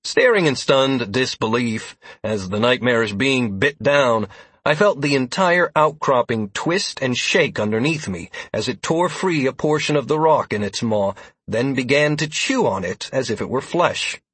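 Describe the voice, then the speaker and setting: Casting: husky male narrator, steady dramatic fantasy audiobook reading, close and dry. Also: mid-range voice, unhurried, no room sound.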